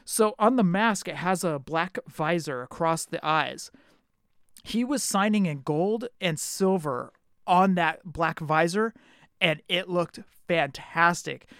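A man's voice: on the high side, takes it slowly, a bit bright, smooth, no echo, clean studio sound. Laid-back young man hosting a podcast. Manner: enthusiastic, laid-back storyteller. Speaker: podcast host. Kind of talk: casual chat.

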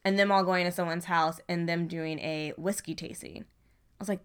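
A young woman with a slightly low voice chats casually as a podcast co-host. She talks in long, animated runs and restarts her sentences as she goes. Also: moderate pace, smooth. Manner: animated, talkative, restarts often. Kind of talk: casual chat about reality TV.

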